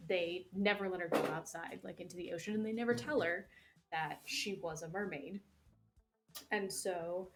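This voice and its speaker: A young woman hosts a livestream and chats as she works, wandering from thought to thought with plenty of "like" and "uh" and frequent cursing. Her voice sits a little low for a woman, with soft music playing faintly underneath. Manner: rambling, heavy swearing, lots of fillers. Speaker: livestream host. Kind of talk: casual chat while crafting.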